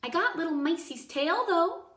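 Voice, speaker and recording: A woman voicing a slow-witted, slangy young servant girl, in an echoey room with the mic at a distance. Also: a little high, big pitch swings, a bit bright. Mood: simple.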